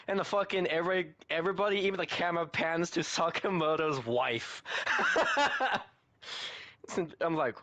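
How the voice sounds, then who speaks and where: A man's voice: a little high, moderate pace, sharp tone, no echo. A man co-hosting a casual podcast, recapping an anime episode, laughing constantly and swearing casually. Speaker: podcast co-host.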